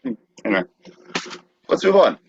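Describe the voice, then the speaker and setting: A man co-hosting a podcast, hesitant and dry as he reads out bits in comedic banter. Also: normal speed. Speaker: podcast co-host. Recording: dry, dull lo-fi sound.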